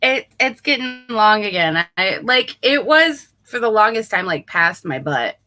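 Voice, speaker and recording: A woman's voice: mid-range voice, sing-song, measured pace, sharp tone. A young woman co-hosting a casual chat show, giggly and playfully defensive when teased. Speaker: co-host.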